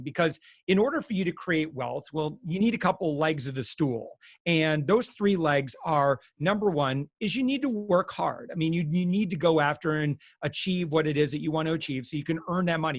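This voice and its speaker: This animated man sits on the higher side of the usual male pitch range. He talks in a loose, chatty way full of fillers and restarts. His voice comes across very dry and close, with no sense of the room around it. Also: no echo. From United States. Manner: animated, many fillers, acts out quotes. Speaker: guest consumer expert. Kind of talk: casual explanatory talk.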